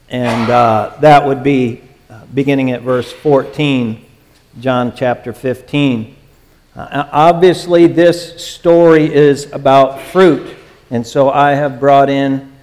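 Slow, earnest preacher man in reverb. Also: medium pitch, a little mellow. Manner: earnest, emphatic, many filler "uh"s. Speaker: pastor. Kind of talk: sermon.

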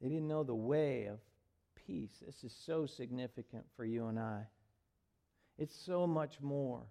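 A man preaching a sermon, swinging from loud proclaiming to hushed, tender lines. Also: medium pitch, unhurried, creaky. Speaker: pastor.

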